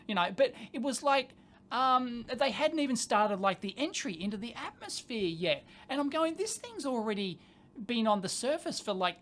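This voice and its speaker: A man's voice: extremely high pitch, a bit bright. A man telling a story on a casual livestream. He rambles with lots of fillers and casual swearing. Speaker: channel host.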